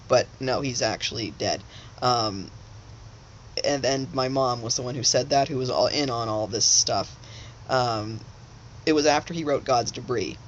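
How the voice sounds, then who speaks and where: A man vlogging in a rambling, halting monologue, full of restarts, with frequent laughter. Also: medium pitch, a bit bright. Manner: halting, many fillers and restarts, laughs often. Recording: slightly dull home recording with faint hiss.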